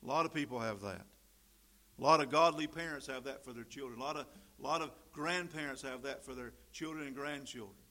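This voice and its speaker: A middle-aged man preaching a sermon, swinging from loud emphatic stresses to quiet asides. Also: medium pitch, brisk. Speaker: pastor.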